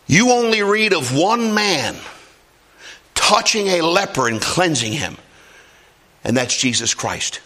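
A high-pitched male preacher delivers a lively sermon, calling out to the congregation for responses. His voice is bright and forceful as he acts out the people in his story and often climbs into a shout. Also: takes it slowly, pauses often. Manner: animated, calls for response from congregation.

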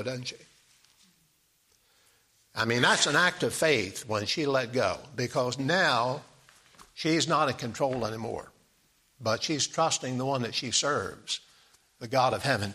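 A man's voice: medium pitch, pushed and bright. A middle-aged man preaching a sermon in an easygoing, conversational way, reading scripture aloud.

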